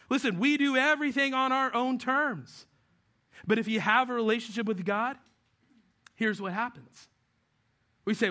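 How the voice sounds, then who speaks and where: A man from New Mexico preaches a sermon like he is chatting with friends, cracking jokes and slipping into voices for the people he quotes. His voice sits high and sounds bright, and the tone stays easygoing throughout. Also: moderate pace, pauses often. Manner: conversational and joking, acts out quoted voices. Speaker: pastor. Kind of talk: casual sermon.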